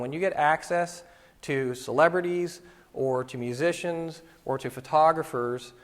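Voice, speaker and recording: A middle-aged man giving a casual talk to photography students, telling anecdotes and acting out what people said. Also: on the high side. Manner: storytelling, acts out quoted voices. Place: lecture hall at a photography school. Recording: long reverb of a hall.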